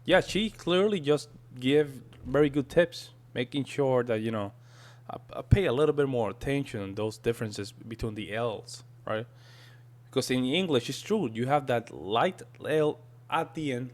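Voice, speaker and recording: A man's voice: medium pitch, moderate pace, darkish tone. A man whose first language is Spanish, chatting casually as he reacts to a video and often says "man". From Spanish-speaking country. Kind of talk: casual commentary.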